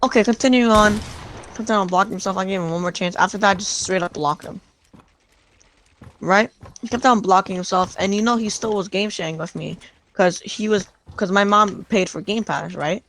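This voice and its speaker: A young man casually telling a rambling, excited story over game voice chat, full of restarts and retold back-and-forth. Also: high-pitched, fairly quick, slight background noise. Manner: rambling, excited retelling with many restarts and "I'm like".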